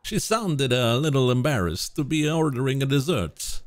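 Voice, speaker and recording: A man's voice: mid-range voice, expressive, moderate pace, no room sound. A man streaming a visual novel, reading the narration and characters aloud and breaking off into joking asides. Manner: reads narration, then drops into joking asides.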